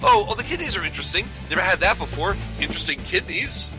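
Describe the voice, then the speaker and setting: A man's voice: high voice, wildly swooping pitch, over music. A man with an American accent reading the part of a freshly regenerated Doctor in a podcast read-through, fussy and puzzled. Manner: read aloud from a script, quick and quizzical.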